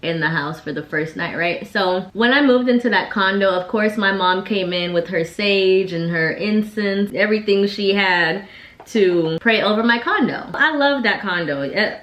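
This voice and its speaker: While getting ready, a woman vlogger tells a personal story in a casual, chatty storytime packed with "like" fillers. Her voice is on the low side and a bit bright, and the room is echoey.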